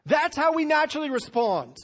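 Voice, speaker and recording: A man preaching a sermon as pastor, telling stories in an animated way with sudden loud bursts. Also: very high-pitched, fairly quick.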